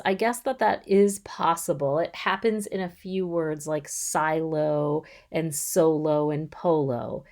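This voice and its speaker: In an instructional voice-over for reading tutors, a middle-aged woman explains things slowly and patiently, step by step. Her voice is lowish with a darkish tone.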